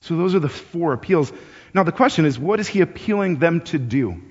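High-voiced man preaching in an echoing hall. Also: animated, fairly quick, breathy edge. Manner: conversational, repeats words, rises when acting out urgent appeals. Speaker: pastor. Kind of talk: sermon. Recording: dull sound with long hall reverb.

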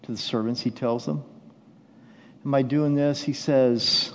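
A male pastor delivers a sermon at a slow, deliberate pace, dropping to hushed, intimate lines before rising into loud, impassioned declarations. His voice carries a long hall reverb, heard through a dull, muffled recording. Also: medium pitch, fairly even intonation, vocal fry, slight background noise.

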